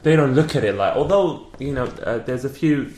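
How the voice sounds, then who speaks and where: A man talking as a podcast guest in casual chat, rambling and halting as he tells his story. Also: mid-range voice, expressive, darkish tone, slight background noise. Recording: echoey room.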